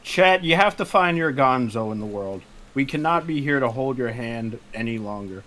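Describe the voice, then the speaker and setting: A man's voice: medium pitch, lively intonation, moderate pace, fairly bright tone, a little hiss or hum. A man in his thirties streaming, chatting casually with his audience and telling joking mock-serious stories. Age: 30s. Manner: playful, mock-serious, acts out silly scenes.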